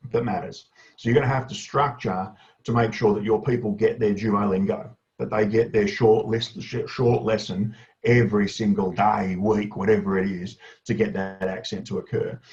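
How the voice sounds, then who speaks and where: Chatty man, low voice, lo-fi audio. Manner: chatty and energetic, with fillers and asides. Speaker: education consultant presenting a webinar. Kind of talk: casual spoken tutorial. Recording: dull lo-fi webinar audio.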